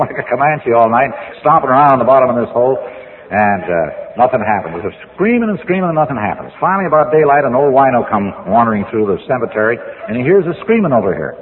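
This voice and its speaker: A man's voice: medium pitch, sing-song, quick pace. A man in a rambling, folksy storytelling talk who tells jokes and chuckles at his own punchlines. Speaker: speaker telling his drinking story. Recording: tinny narrow-band old recording in a reverberant hall.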